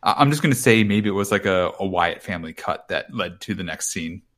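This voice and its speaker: A man's voice: low-pitched, expressive, fairly quick, a bit bright. A man casually recapping a show on a podcast, rambling and swearing freely as he paraphrases. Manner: rambling, profane, paraphrases promos. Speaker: podcast co-host. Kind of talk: casual wrestling recap chat.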